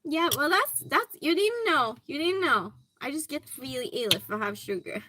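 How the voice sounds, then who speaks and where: Stream host, woman, fairly high bright voice, friendly chat with viewers from her hobby room. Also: expressive, moderate pace, slight background noise, low-quality recording. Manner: chatty, greets viewers by name. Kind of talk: casual chat reading viewer comments.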